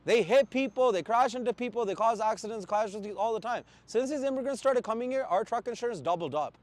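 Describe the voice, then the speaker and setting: A man's voice: extremely high pitch, fast talker. A man from Canada, a truck driver, ranting in blunt, profane casual talk with angry outbursts. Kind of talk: heated casual rant.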